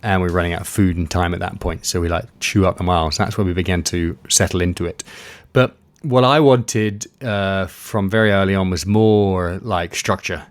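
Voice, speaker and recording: Man, very low voice, dry close sound, rambling interview guest, lots of uhs and likes. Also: normal speed, few pauses, no echo. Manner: relaxed, rambling with many fillers and restarts. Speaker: guest, expedition kayaker. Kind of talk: casual interview storytelling.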